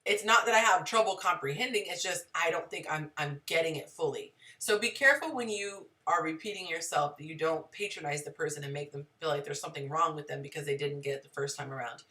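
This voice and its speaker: Bright-voiced woman hosting a live advice stream. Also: sits low, fast talker, hardly any pauses, distant mic. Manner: conversational, reads and greets chat viewers. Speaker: relationship advice host.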